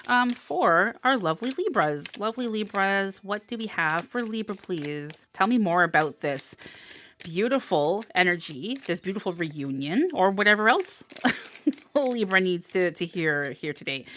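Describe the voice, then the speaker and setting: A woman's voice: mid-range voice, fairly bright tone, slight background noise. A woman giving a live collective tarot reading, talking in a chatty, upbeat way and laughing often. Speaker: tarot reader.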